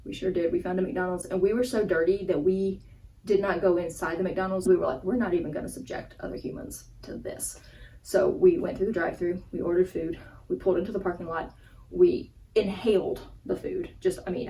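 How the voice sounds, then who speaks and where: A young woman tells a personal story for her vlog, animated and quick to laugh, acting out the moments as she goes. Her voice sits a little back from the microphone. A faint room hum runs underneath. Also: fairly low pitch, distant mic, low-quality recording. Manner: animated, laughing, acts out gestures. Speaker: storytime vlogger. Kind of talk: casual storytelling. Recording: voice a bit off-mic with faint background ambience.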